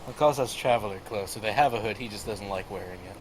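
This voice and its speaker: A man playing a tabletop game, speaking in a calm, dry way. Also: fairly low pitch, quick pace, slight background noise, poor audio. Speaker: player.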